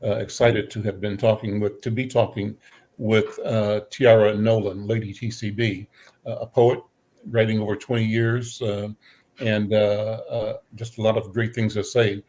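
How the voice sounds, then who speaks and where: A man hosts an interview show, introducing his guest and asking questions. His voice sits somewhat low, and he talks casually, stopping often with "uh" fillers. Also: level tone, a little mellow. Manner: halting, with frequent "uh" fillers. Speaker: talk show host.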